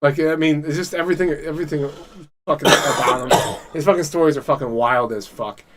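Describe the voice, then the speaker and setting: A man's voice: a little high, brisk, very noisy. A man co-hosting a podcast in casual chat, rambling and swearing constantly with enthusiasm. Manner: rambling, heavily profane, enthusiastic. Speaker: podcast co-host.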